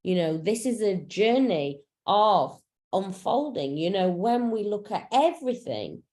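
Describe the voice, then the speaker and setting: A woman's voice: mid-range voice, big pitch swings, unhurried, warm tone. A woman spiritual coach teaching in a casual, frank way, full of fillers and the odd swear word, over a video call. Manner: frank and chatty, swears freely, many fillers.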